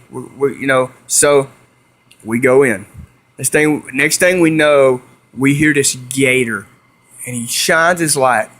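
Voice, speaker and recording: A young man with a mid-range, fairly bright voice speaks unhurriedly. Vlogging to camera, he tells a rambling, casual story to his viewers, repeating himself and hissing to imitate animals.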